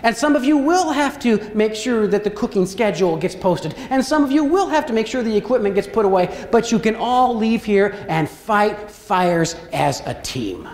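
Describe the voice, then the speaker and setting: A man's voice: high voice, animated, normal speed, hardly any pauses, a little mellow. A middle-aged man giving a storytelling keynote speech as a motivational speaker. He tells stories animatedly and acts out the voices in them. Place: large hall. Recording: echoey hall with long reverb.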